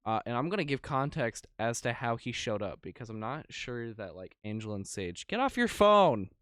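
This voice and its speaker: A man's voice: mid-range voice, normal speed, fairly bright tone, no room sound, studio quality. A young man co-hosting a podcast, telling rambling, profane stories in casual chat. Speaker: podcast co-host.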